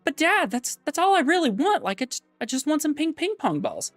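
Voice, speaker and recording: A man voicing an eager, pleading little boy in a strained high put-on child voice. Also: big pitch swings, fairly bright tone, dry recording, faint music behind, exaggerated voice. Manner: begging, drawn-out wants.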